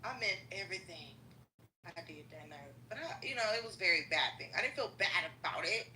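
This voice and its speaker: A woman telling a profane, slangy comedic story in an animated rant, as a podcast host. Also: mid-range voice, fast talker, a little hiss or hum. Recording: roomy echo.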